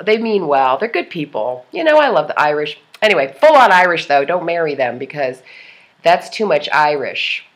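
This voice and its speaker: A woman's voice: fairly low pitch, fairly bright tone. A woman rambling casually in a personal vlog, chatty and jokey, laughing often between thoughts. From part Lithuanian. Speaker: vlogger.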